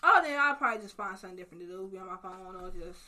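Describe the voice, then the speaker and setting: A woman's voice: mid-range voice, animated, very fast, bright, forceful tone, a little hiss or hum. A young woman chatting as a guest on a casual podcast, laughing often and swearing freely in loose slang.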